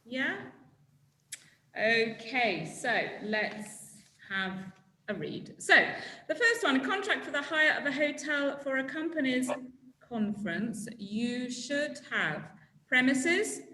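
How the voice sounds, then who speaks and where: A woman running a legal English lesson with a bright, forceful voice. She speaks slowly and prompts the class to finish each sentence, and the room has a noticeable echo. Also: sits high, expressive, slight background noise. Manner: prompting students to fill in words, brisk and encouraging. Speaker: English teacher.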